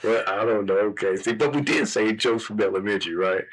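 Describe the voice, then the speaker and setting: A man's voice: fairly low pitch, fairly quick, husky. A man hosting a casual talk show, laughing often and repeating himself as he tells jokes. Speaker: host. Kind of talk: casual chat.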